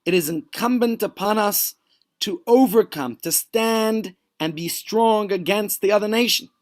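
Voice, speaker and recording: A man's voice: high voice, measured pace. A man teaching a Torah study lesson at home, telling stories vividly with many restarts and asides.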